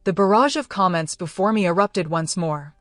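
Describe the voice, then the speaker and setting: A woman giving smooth, even scripted narration of a story. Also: on the low side, normal speed, no echo. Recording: dry close studio voice with faint music. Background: faint music.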